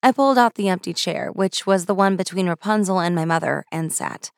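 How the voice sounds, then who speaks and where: A woman narrating a first-person fantasy story in a wry, brisk way. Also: lowish voice, gravelly, no room sound, clean studio sound. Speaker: audiobook narrator.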